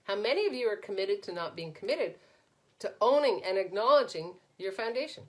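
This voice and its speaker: A woman's voice: medium pitch, animated, fairly quick. Chatty woman coach answering viewer questions. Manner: conversational, frequently adds "right?"; reads viewer comments aloud and answers them. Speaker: coach and podcast host. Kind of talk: live Q&A coaching session.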